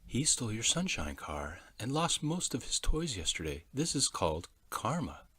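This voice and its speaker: A man reading a children's storybook, voicing a wise, gentle little bluebird in a soft, calm voice. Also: mid-range voice, normal speed, slightly rough, dry recording, heavily acted.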